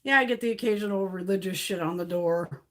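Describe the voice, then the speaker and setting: A woman's voice: medium pitch, fast. A middle-aged woman hosting a makeup live stream, telling blunt, heavily profane stories and laughing through them in casual chat.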